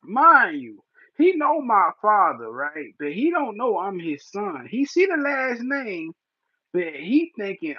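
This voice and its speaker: A man's voice: sits high, sing-song, unhurried, husky, dry recording. A man telling a profane story on his livestream, laughing often, on dull lo-fi stream audio. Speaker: livestream host.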